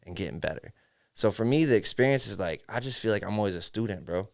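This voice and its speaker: With a fairly low voice, a quick pace and some vocal fry, a man chats casually on a podcast. He's a music engineer from Syracuse, upstate New York, who animatedly acts out studio exchanges as he tells them and keeps saying "bro."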